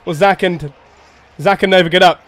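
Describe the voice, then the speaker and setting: A young man with an excitable, joking manner, commenting loudly on an online multiplayer game with friends. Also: high voice, normal speed, slight background noise. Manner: yelling, laughing, joking with friends. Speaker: gaming YouTuber.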